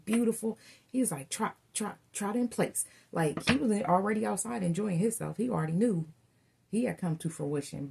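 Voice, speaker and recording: A woman's voice: mid-range voice, gravelly, a little mellow, slightly rough. A woman doing a casual tarot reading, telling stories in a chatty way and calling her viewers y'all. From Southern United States. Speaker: tarot reader.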